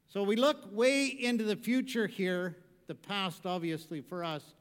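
Male pastor, sermon delivery, high-pitched voice, moves between hushed and loud preaching, long reverb of a church hall. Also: lively intonation, unhurried.

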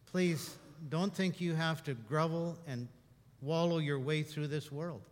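A male pastor preaching a sermon, telling stories and moving between hushed reflection and animated telling. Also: fairly high pitch, a little slow, big-room sound.

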